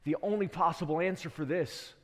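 Male preacher, earnest sermon, higher voice, reverberant church. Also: a little fast. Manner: earnest storytelling with rhetorical questions.

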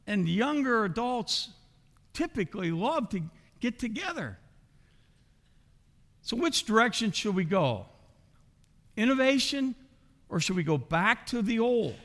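Animated preaching man, high and lively. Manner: animated preaching, rhetorical questions to the congregation. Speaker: pastor. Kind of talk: sermon. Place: church sanctuary. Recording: long hall reverb.

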